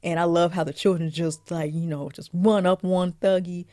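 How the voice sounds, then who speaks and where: A woman vlogger giving a casual, chatty movie recap, laughing often and filling pauses with "you know". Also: on the low side, steady tone, dark tone, dry recording, clean studio sound.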